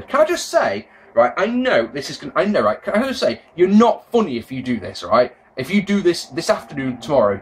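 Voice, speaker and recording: Animated man reviewing wrestling. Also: slight background noise. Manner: animated, swings between loud outbursts and low mutters; swears casually, rambling asides. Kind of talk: casual video commentary.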